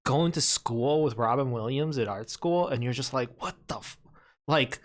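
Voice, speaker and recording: A man co-hosting a podcast, telling a story casually and getting animated and laughing as he goes. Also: mid-range voice, moderate pace. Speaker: podcast co-host.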